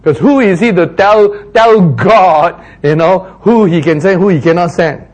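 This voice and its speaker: A man delivers a sermon, retelling scripture earnestly and circling back over his points. His voice sits a bit higher than most men's. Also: unhurried, a little mellow, poor audio. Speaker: preacher.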